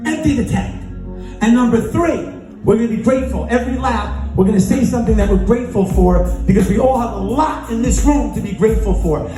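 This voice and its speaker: A man's voice: very high-pitched, brisk. A man giving a motivational speech on a conference stage, telling a story with acted-out dialogue and call-and-response chants. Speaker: keynote speaker. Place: large conference hall on stage. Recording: echoey hall with music.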